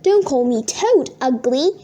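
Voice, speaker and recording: Storybook brat-in-training, put on by a woman reader: prim, eager, pitched way up. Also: animated, a little slow, dark tone. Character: goody-goody little boy trying to be naughty.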